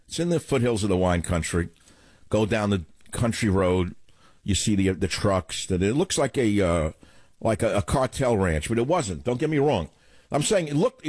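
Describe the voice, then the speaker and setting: A man's voice: medium pitch, a little mellow, no echo. A man hosting a radio talk show, delivering a combative, scornful opening monologue.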